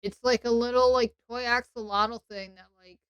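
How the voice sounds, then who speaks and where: An English woman streaming a role-play session, talking in sarcastic, playful asides. Her voice sits a little high and sounds smooth and clear, recorded dry and close. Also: fairly even intonation, moderate pace, no echo, highs cut off. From England.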